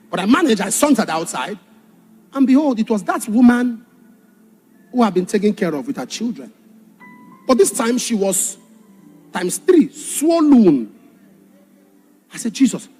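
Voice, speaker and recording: A man preaching a sermon with passion, swinging from shouted warnings to hushed storytelling. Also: high-pitched.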